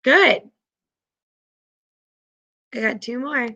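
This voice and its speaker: A woman's voice: high voice, expressive, very slow, pushed and bright, dull audio. A woman teaching a class, patiently explaining and often checking in with her students.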